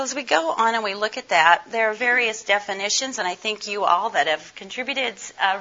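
An older woman, hoarse and scratchy from laryngitis, giving a chatty conference presentation and asking the audience questions. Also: fairly low pitch, sharp tone. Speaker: conference speaker. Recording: dull lo-fi recording.

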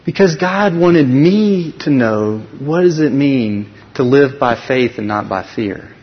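A man speaking at a conference, telling a personal faith story with lively acted dialogue and frequent restarts. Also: mid-range voice, slow pace. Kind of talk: personal testimony talk. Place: large conference hall. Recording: dull recording in a reverberant hall.

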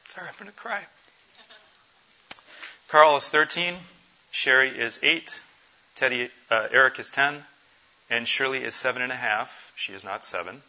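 Through dull, lo-fi audio, a forty-something man addresses a missions conference in a mid-range voice with a bright, forceful edge. His talk is sincere and conversational, punctuated by pauses on fillers.

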